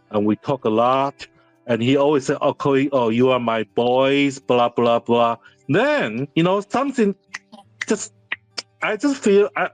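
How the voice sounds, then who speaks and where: A man in his fifties whose first language is Mandarin, a series director telling personal stories in halting English with many restarts. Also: mid-range voice, no echo. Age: 50s. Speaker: series director, interview guest. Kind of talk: candid interview storytelling.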